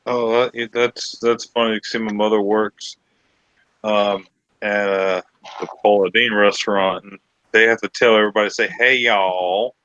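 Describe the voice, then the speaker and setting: A man's voice: on the low side, level tone, moderate pace, a bit bright, smooth, dry recording. A man co-hosting a casual live-stream chat, teasing and joking. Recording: dull dry mic sound.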